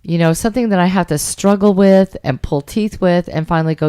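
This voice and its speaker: A middle-aged woman co-hosting a radio talk show, chatting about dating in an animated, emphatic way. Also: lowish voice, brisk, clear, resonant tone, no room sound, studio quality. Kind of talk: casual chat about dating.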